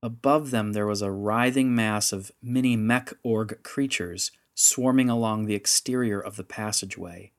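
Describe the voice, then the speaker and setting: A man narrating a science fiction audiobook in a steady, measured storytelling voice. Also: on the low side.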